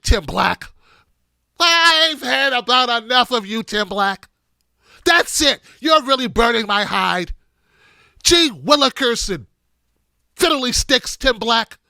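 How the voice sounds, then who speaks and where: A man's voice: extremely high pitch, no room sound, studio quality, heavily acted. A man voicing a riled-up, folksy Oklahoman who scolds with old-fashioned exclamations. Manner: sputtering folksy exclamations, loud.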